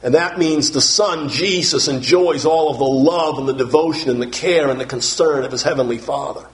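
A man preaching a sermon, emphatic, piling up synonyms and rising to shouts on key words, and putting questions to the congregation. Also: a little high, normal speed. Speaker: pastor.

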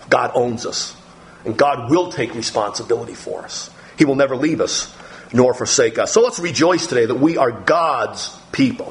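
Man, preacher, expository sermon, fairly high voice, very lively pitch, dramatic scripture reading. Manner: animated, acts out quoted speech with big pitch jumps.

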